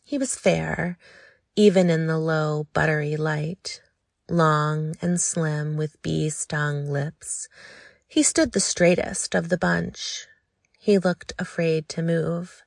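A woman narrating an audiobook in a slow, intimate, low-key reading. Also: steady tone, creaky, no echo, clean studio sound.

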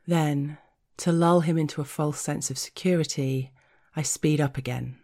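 A woman narrating an explicit erotic story in a frank, unhurried way, sometimes dropping into a whisper. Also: sits low, fairly even intonation, mellow.

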